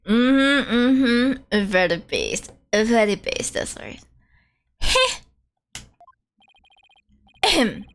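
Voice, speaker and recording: A woman's voice: on the high side, very animated, extremely slow, pauses often, a bit bright. A young woman chatting casually and playfully while streaming a game, with slang and teasing asides. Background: faint game music.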